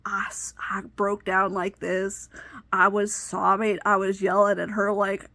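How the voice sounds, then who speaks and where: A woman's voice: mid-range voice, flat delivery, a little slow, gravelly, pushed and bright, no echo. A woman in her thirties telling a personal story with emotional, indignant retelling. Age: 30s. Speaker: vlogger.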